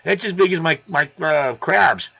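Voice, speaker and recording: A gravelly man hosts a relaxed live stream, loose and excitable as he reads comments aloud. His voice sits a little high and sounds bright and forceful. The stream audio is dull and lo-fi. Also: a little slow. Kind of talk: casual live stream chat.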